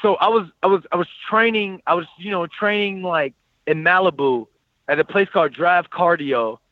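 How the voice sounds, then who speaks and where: A man in his thirties casually telling a personal story, animated and acting out what others said. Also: high voice, normal speed, no echo, narrow, tinny audio. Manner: animated, quotes people in lively voices.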